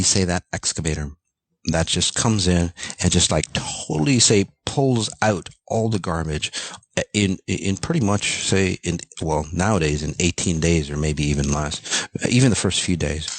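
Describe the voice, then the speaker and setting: A man's voice: low voice, dry recording. A man hosting his own show, speaking straight to his listeners in an intense, ranting monologue, swearing bluntly and checking in often with "okay?" and "you know". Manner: frequent fillers and tag questions. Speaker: podcast host. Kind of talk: motivational monologue.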